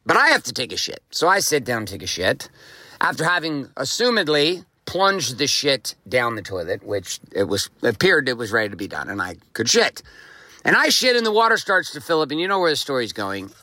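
A male podcast host giving a motivational monologue, telling a story in an animated and profane way. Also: mid-range voice, brisk, dry recording.

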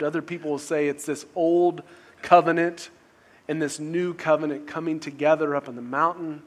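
A man's voice: on the high side, steady tone, normal speed. Conversational man preaching a sermon. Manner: conversational, self-correcting, rhetorical questions. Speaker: pastor.

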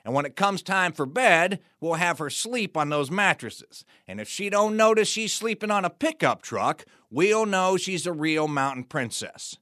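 A shrewd old mountain mama , put on by a storyteller, drawls her plans, dry and matter-of-fact. The voice sits lower and softer than his usual telling, in a bright, close, dry sound. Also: sing-song, moderate pace, few pauses, no room sound, full character voice. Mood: scheming.

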